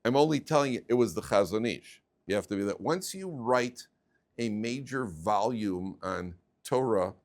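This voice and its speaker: A rabbi with a lowish male voice lectures a class, questioning his students and jumping into stories. He acts out the people in his tales and trips over repeated words as he talks. The delivery is loose and conversational, recorded in a classroom. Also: expressive, normal speed, a little mellow.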